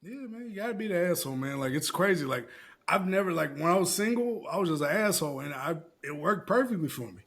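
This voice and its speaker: A man with a fairly high speaking voice, swapping crude, rambling stories as a podcast co-host. He restarts his sentences often and talks in a loose, casual way. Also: lively intonation, fast, a bit bright. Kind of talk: casual chat.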